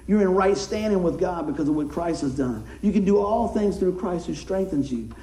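A man's voice: high-pitched, animated, moderate pace, mellow, echoey room, rough recording. A man preaching a sermon in a folksy, conversational way, often asking his listeners questions.

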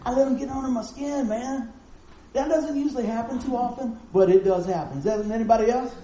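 A man's voice: very high-pitched, fairly quick, dark tone, reverberant, slight background noise, low-quality recording. A man, a pastor preaching a conversational sermon full of rhetorical questions to his congregation. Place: church hall with congregation. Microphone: live stream mic.

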